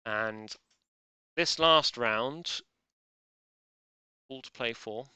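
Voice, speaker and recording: A man's voice: medium pitch, extremely slow, sharp tone, smooth, no echo. A man hosting a live online quiz, joking drily and rambling. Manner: dry, rambling, self-deprecating jokes. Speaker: quiz host.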